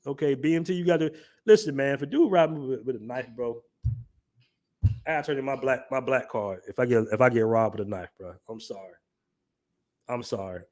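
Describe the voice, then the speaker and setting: A man's voice: a little high, a little fast. A man hosting a casual livestream, reading chat comments aloud and laughing through his commentary. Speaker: livestream host.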